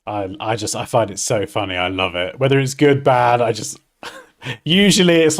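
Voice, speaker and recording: A man's voice: mid-range voice, normal speed. A man hosting a design livestream, chatting casually as he works and laughing often at himself.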